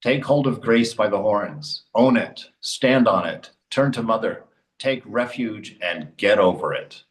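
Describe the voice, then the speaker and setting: Forceful, low-voiced man preaching in an echoey room. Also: expressive, a little slow. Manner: forceful and exhorting, laughs between points. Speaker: spiritual teacher. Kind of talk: spoken religious commentary. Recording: roomy echo.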